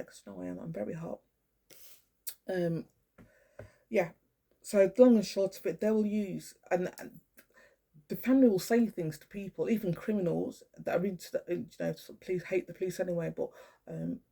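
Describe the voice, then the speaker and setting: An older speaker with a gravelly, dark voice that has a husky edge. The talk is a rambling monologue, emphatic and full of profanity. It is halting, with frequent restarts and repeated phrases. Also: medium pitch.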